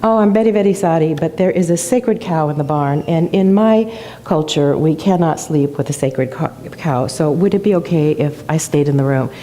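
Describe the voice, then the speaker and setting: A woman's voice: low-pitched, moderate pace, warm tone, slight background noise, voice pushed down, natural voice. Woman doing a polite, apologetic traveler.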